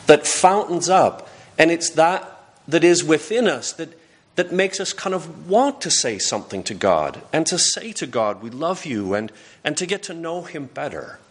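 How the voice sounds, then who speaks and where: A man's voice: a little high, fairly bright tone, breathy edge. A man pastor giving a sermon in a folksy storytelling way, often restarting his sentences.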